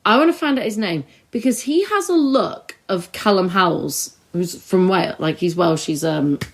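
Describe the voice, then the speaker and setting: A woman co-hosting a chat podcast, reviewing a TV episode and acting out scenes in quick put-on voices. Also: lowish voice, animated. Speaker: podcast co-host. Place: recorded together in the same room.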